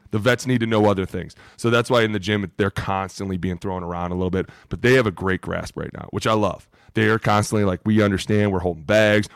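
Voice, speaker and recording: A man in his thirties, a former football player co-hosting a podcast, talking bluntly with lots of swearing and acting out what coaches yell. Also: low voice, gravelly, clean tone, no room sound, studio quality. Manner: blunt, profane, emphatic, acts out coaches' lines. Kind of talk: casual podcast chat.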